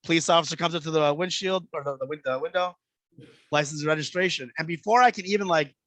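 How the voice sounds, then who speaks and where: Guy from southern illinois telling a story, bright voice, dry close sound. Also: on the high side, fast, no room sound. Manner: animated, acts out voices in anecdotes. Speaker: guest storyteller. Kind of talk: casual storytelling.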